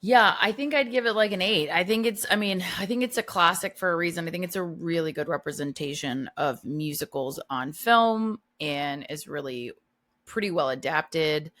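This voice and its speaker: Female podcast co-host with a somewhat low voice, relaxed and agreeable. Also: moderate pace. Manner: easygoing, laughing, agreeable. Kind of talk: casual chat.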